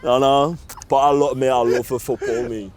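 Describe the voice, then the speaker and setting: A man's voice: medium pitch, steady tone, moderate pace, darkish tone. A young man from Newcastle with a Geordie accent, chatting casually and laughing easily with a stranger on a bench outdoors. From Newcastle, England. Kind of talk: casual chat. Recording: faint outdoor noise.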